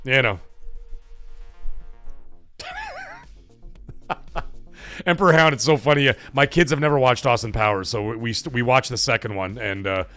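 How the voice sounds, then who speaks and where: A man's voice: mid-range voice, quick pace, few pauses, soft background music. A man hosting a casual livestream, swearing freely and reading viewer donations aloud. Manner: excitable, swears often, reads donations aloud. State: emotional, voice catching. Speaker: livestream host.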